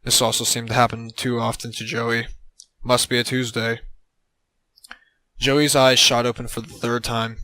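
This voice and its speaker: Guy reading a goofy story totally deadpan, bright voice, dry close mic. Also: medium pitch, normal speed, long pauses, no echo, low-quality recording. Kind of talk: absurd comedic story narration.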